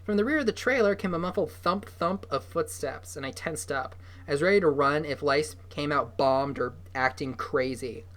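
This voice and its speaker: A man reading a novel aloud in the first person, with steady storytelling. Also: fairly high pitch. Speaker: reader.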